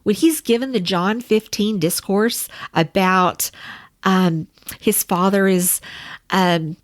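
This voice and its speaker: A woman teaches a Bible study in a casual, conversational way, addressing her listeners as friends. Her voice is medium-pitched and she takes her time.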